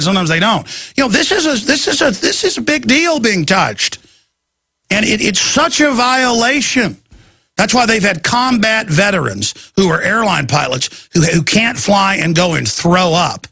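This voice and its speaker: A man hosts a talk show in a rambling, casual monologue, restarting often and acting out quotes. His voice sits a bit high for a man, gravelly and husky with a sharp, forceful edge. The sound is dry and close. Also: no room sound.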